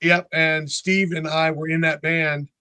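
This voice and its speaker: A talkative man in his sixties from North Carolina with a notably high speaking voice, chatting casually as an interview guest. He spins stories and slips into the voices of the people in them. The sound is close and dry, with no room around it. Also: level tone, measured pace, bright, forceful tone, clean tone, no echo. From North Carolina, USA. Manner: chatty storyteller, acts out other people's lines. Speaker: band frontman, interview guest.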